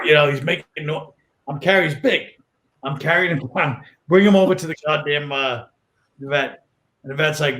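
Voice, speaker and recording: Brief: deadpan New man, fairly high voice, casual dark stories. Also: normal speed. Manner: deadpan, dark storytelling with acted quotes. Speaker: comedian guest. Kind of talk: casual storytelling.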